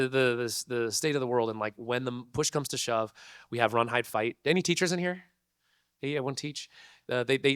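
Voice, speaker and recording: A man's voice: mid-range voice, fairly bright tone, clear, resonant tone, no echo, studio quality. Chatty young man telling a panel story. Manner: casual and chatty, full of "like" and "dude", laughs between lines. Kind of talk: animated storytelling to a live audience. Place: convention panel room.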